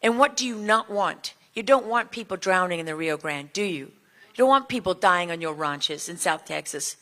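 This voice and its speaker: A woman's voice: lowish voice, animated, normal speed, a bit bright. A woman giving an impassioned speech at a summit, firing rhetorical questions at the crowd. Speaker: speaker at a border summit.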